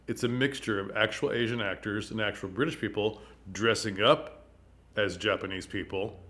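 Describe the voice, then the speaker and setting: A man giving a casual spoken commentary on theater, animated and full of rhetorical questions, sometimes tripping over his words. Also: on the low side.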